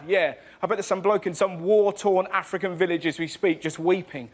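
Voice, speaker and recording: A man doing a cheeky stand-up routine as a comedy panelist, telling stories in a quick, mocking way. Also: high voice, fairly even intonation.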